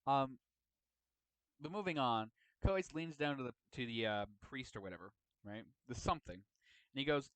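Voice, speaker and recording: A man's voice: mid-range voice, expressive, moderate pace, clean tone, dry recording, poor audio. A man hosting a casual chat about his roleplay story. He rambles and often tags his sentences with "right?". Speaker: host and storyteller.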